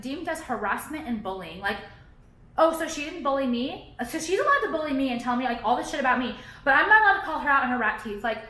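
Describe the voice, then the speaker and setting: A woman's voice: high voice, pushed and bright. A woman in a profane, heated, sarcastic vlog rant. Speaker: vlogger. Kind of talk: ranting vlog monologue. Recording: echoey room.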